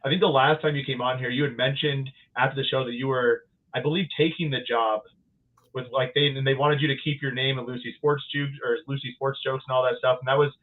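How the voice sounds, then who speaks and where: A man's voice: mid-range voice, steady tone, fast. A man hosting a podcast, asking friendly, rambling questions in casual chat. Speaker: podcast host. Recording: tinny phone-like line.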